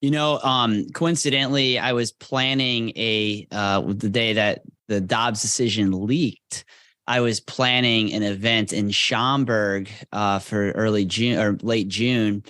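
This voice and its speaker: A man, an attorney and radio host, talking in a measured, explanatory way as a podcast guest. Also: lowish voice, fairly even intonation, a bit bright, dry recording. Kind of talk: casual talk.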